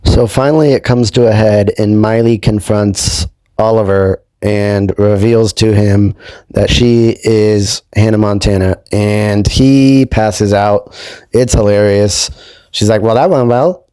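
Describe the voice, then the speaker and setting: A young man talks in a low, mellow voice, easygoing and a bit halting, with lots of ums and you-knows. The sound is dry and close, with no room echo at all. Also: fairly even intonation, clean tone. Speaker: YouTube host. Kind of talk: casual spoken recap.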